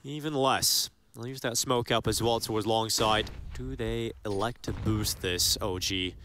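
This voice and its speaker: A man doing play-by-play commentary on an esports match, building to excited calls on big plays. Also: fairly low pitch, unhurried, a little hiss or hum.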